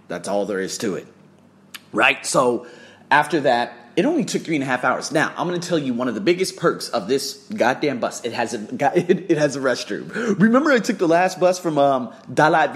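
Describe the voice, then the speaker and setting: A young man hosts a casual solo podcast and tells travel stories in a loose, profane way. His pitch jumps all over as he acts out what people said. His voice sits in a middle register. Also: brisk. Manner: animated, profane storytelling with acted-out quotes. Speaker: podcast host.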